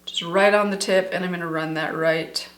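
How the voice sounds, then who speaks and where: A woman's voice: lowish voice, fairly even intonation, moderate pace, fairly bright tone. A middle-aged woman beauty vlogger chatting casually and enthusiastically through a makeup tutorial, talking straight to her viewers. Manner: chatty, enthusiastic, addresses viewers as "you guys". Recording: echoey room.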